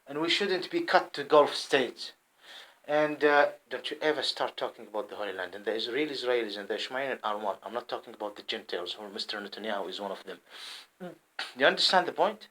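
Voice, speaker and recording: Man from the arab world, vlogging monologue, bright forceful tone, swooping animated pitch, repetitive and rambling. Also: a little fast, rough recording. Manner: rambling, repeats himself, swings between loud and muttered. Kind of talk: impassioned monologue to camera. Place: at home in England.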